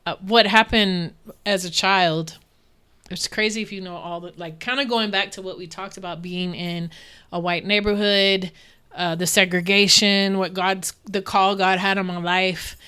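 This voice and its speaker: A woman's voice: medium pitch, clean tone. A woman from Dallas, a guest on a faith interview podcast, telling personal stories earnestly, with frequent laughs and restarts. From Dallas, Texas. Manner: animated, earnest, laughs often, many restarts. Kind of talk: candid interview storytelling.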